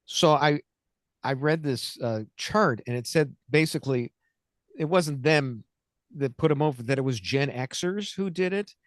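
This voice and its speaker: His voice runs on the high side and his pace is measured, captured dry on a studio mic. The man, in his sixties, hosts a comedic political talk radio show, rambling, joking, and breaking into his own thoughts.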